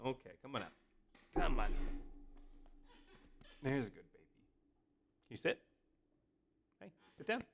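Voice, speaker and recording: A man's voice: mid-range voice, very animated, a little slow, creaky, long pauses, a bit bright. Playful man streaming from home. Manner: playful, laughs often, talks baby-talk to his dog. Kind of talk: casual live stream chat and reading aloud. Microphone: desk microphone.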